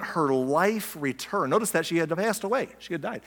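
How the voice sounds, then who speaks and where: A man delivering a sermon with a slightly high-pitched voice, talking to his listeners as if in a relaxed conversation. He keeps asking them questions and acts out the lines he quotes. His voice carries a long reverb from a large hall. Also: normal speed, few pauses. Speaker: pastor.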